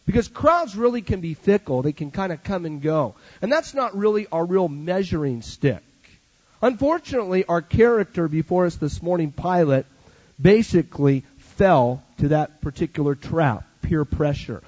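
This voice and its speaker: Husky-voiced preaching man, dull recording. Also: high voice, a little mellow, big-room sound. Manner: preacherly, emphatic, slows down for key phrases. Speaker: pastor. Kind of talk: sermon. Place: church sanctuary.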